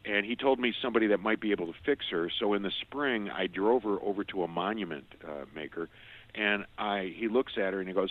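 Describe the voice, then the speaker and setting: Older male interview guest, ex-radio voice, earnest and halting storyteller, slightly low pitch, thin phone-line quality. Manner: earnest, halting, with repeated restarts.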